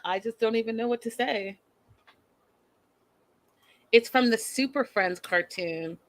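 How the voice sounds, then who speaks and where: A woman's voice: a little high, no room sound. A woman hosting a live recap of a reality show, talking bluntly and with sass, often acting out the people she discusses. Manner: blunt, sassy and animated, mocks and acts out the cast members. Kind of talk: live-stream recap commentary.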